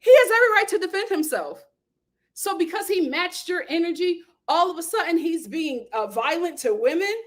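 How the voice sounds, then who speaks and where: Emphatic woman host, high-pitched, chatty reality TV commentary. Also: normal speed. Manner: emphatic, animated, acts out quotes.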